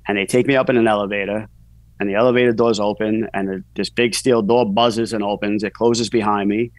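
Lowish-voiced man telling his story. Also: steady tone, a little fast, no room sound, rough recording. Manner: rambling, frequent "you know" fillers. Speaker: guest, author. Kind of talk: casual personal storytelling.

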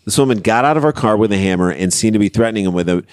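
Man, low-pitched, sarcastic podcast co-host, dry close sound. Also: lively intonation, racing, a little mellow, no echo. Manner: sarcastic, riffs on the story, reads out quotes. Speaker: podcast co-host reading a news story. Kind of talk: casual comedic chat.

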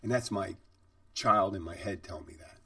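Man, middle-aged, deeper voice, casual rambling monologue, dead dry sound, mic set back. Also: normal speed, sharp tone, dry recording, distant mic. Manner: rambling, conversational, with fillers. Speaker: podcast host and bartender. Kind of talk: reflective storytelling monologue.

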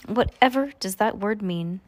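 A woman reading aloud and voicing a smooth, falsely sweet woman eye doctor who schemes against children. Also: mid-range voice, a little slow, natural voice. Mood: smooth, scheming.

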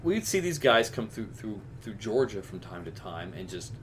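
A man's voice: lowish voice, very animated, normal speed, fairly bright tone, a little hiss or hum. A man from chatting casually, telling stories with lots of restarts and laughs. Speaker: podcast co-host. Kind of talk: casual chat.

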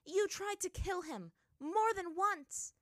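Brief: woman voicing a furious young princess fighter for an audiobook, pitched well above her own voice, loud. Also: animated, slow pace, no echo, clean studio sound, exaggerated voice. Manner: shouting, furious.

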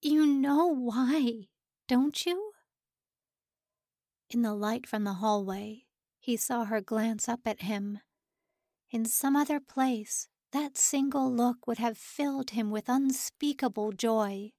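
A woman narrates a story in an even, unhurried voice, taking her time over every sentence. The sound is dry and close, with no room around it. She keeps a steady storyteller's delivery throughout. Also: fairly high pitch, no room sound. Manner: measured, unhurried reading. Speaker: audiobook narrator. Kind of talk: scripted narration.

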